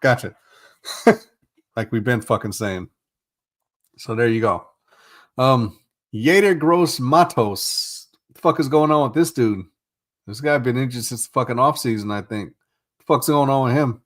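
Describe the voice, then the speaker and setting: A man's voice: mid-range voice, lively intonation, measured pace, pauses often. A man hosting a casual sports podcast, rambling and swearing as he rants in exasperation. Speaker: podcast host.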